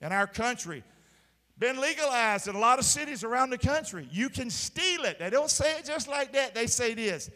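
A man's voice: extremely high pitch, expressive, moderate pace, sharp tone. A man preaching a sermon in a large church, emphatic and constantly asking the congregation if they hear him. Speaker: pastor. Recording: live church hall with long reverb.

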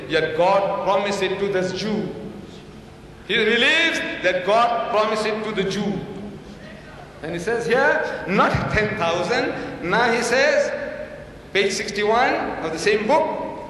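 A man's voice: high-pitched, fairly bright tone, recorded from a distance, a little hiss or hum. An older man giving an emphatic public debate speech, quoting and mocking his opponent. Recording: echoey hall recorded from afar.

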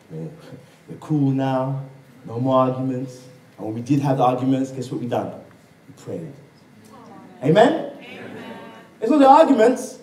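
A man with a mid-range, darkish voice preaches a sermon built on his personal testimony, acting out the dialogue and calling for amens. The mic sits far off in an echoey room.

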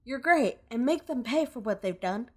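A woman's voice: on the high side, expressive, normal speed, a little mellow, slightly rough. Weepy Southern shopkeeper lady from a game, read live by a woman player, dramatic and plaintive. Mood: indignant. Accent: put-on Southern US. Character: tearful robbed female wasteland shopkeeper. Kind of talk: live dub of game dialogue.

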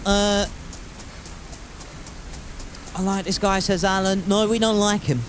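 A man's voice: high-pitched, flat delivery, slow pace, slight background noise, low-quality recording. Chatty man streaming a game. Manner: chatty and joking, swears, reads chat aloud. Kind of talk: casual gameplay commentary.

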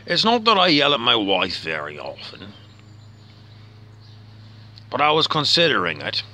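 A man's voice: medium pitch, huge pitch swings, a little slow, pushed and bright, full character voice. A man playing a rambling, grumpy middle-aged outback husband, talking himself through his gripes and sometimes muttering. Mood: musing. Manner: rambling, self-questioning, drops to a muttering whisper. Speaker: comedian. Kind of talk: comic character monologue.

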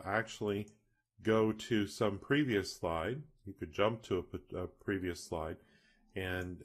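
A middle-aged man from Canada explaining software step by step in a casual screen-recorded tutorial, often correcting himself as he goes. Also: low-pitched. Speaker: e-learning tutorial instructor.

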